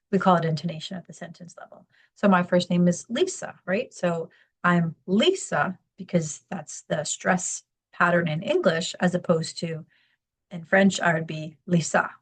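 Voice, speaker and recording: A woman giving a recorded lecture over slides, explaining step by step and often checking in with "okay?" and "right?". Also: on the low side. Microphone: screen recording on a computer mic.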